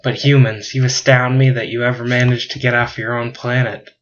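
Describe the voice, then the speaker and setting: A man's voice: mid-range voice, flat delivery, brisk, a bit bright, lightly acted. A haughty alien passing judgment on the crew, as a man reads him in a storytelling podcast. He lectures at length in an everyday voice. The sound is dull and lo-fi. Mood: lofty. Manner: lofty, lecturing. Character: alien being judging the crew, male. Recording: dull lo-fi recording.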